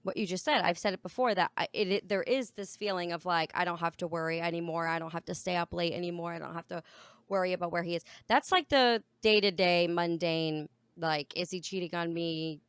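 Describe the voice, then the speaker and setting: A woman's voice: fairly low pitch, fairly even intonation, fairly quick, fairly bright tone, clear, resonant tone, dry recording. A young adult woman co-hosting a podcast, chatting casually and frankly and swearing freely. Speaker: podcast co-host. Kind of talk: casual chat.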